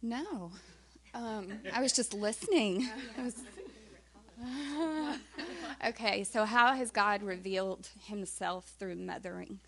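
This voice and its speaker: Slow, gravelly woman reflecting on faith. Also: mid-range voice, a bit bright. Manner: reflective, hesitant with ums. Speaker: panelist mother. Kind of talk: casual faith sharing.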